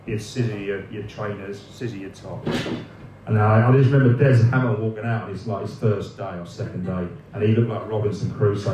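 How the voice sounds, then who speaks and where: A man in his fifties, a former footballer, telling rambling, laughing anecdotes at a live evening event, swearing freely and restarting his sentences. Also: medium pitch. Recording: roomy echoing room, mic at a distance, faint ambience.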